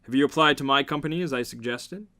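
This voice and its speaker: A man reading aloud and voicing a smug, controlling rich businessman in a low, teasing, drawn-out way. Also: sharp tone, natural voice.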